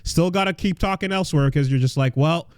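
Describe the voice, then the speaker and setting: A man's voice: on the high side, quick pace, smooth, no room sound, studio quality. A man co-hosting a casual podcast, rambling and swearing, with lots of fillers and restarts. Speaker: podcast co-host.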